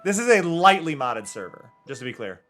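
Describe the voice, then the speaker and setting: Very animated and forceful, this male streamer talks fairly quickly in a bright, fairly high-pitched voice. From a room at home, he casually narrates his in-game building into a desk mic, with faint game music behind him.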